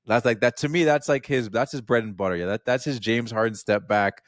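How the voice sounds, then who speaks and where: A man co-hosting a casual film podcast, rambling and animated, often slipping into little acted-out quotes. His voice sits in a middle register. The sound is dry and close to the mic. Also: mid-range voice, fairly quick, dry recording. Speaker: podcast co-host. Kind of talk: casual film review chat.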